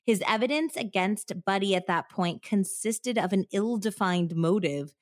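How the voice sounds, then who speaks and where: A woman's voice: mid-range voice, normal speed, dry recording, clean studio sound. Casual woman narrating true crime. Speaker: podcast host.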